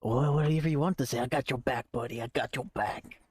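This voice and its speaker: A man playing a protective master who quietly soothes and reassures his companion. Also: medium pitch, fairly quick, slightly rough, dry recording, studio quality, natural voice. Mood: reassuring.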